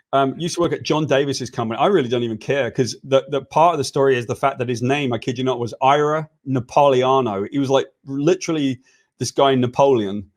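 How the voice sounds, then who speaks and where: A British man co-hosting a casual chat, telling anecdotes with lots of "right?" and laughter, over a video call. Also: mid-range voice. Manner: chatty storyteller, frequent "right?" and laughs. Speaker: co-host.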